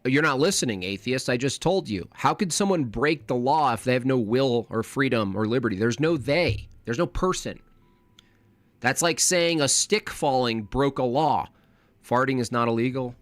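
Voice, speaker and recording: A man's voice: medium pitch, expressive, normal speed, no room sound. A man hosting a live reaction stream, arguing combatively and mocking his opponents, sometimes mimicking them in silly voices.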